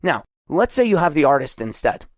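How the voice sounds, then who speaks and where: An energetic man hosting a business coaching talk, speaking fast with a lively, rising and falling delivery. He talks conversationally and slips into acted-out examples. The sound is dry and close. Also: a little high, dry recording. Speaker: host.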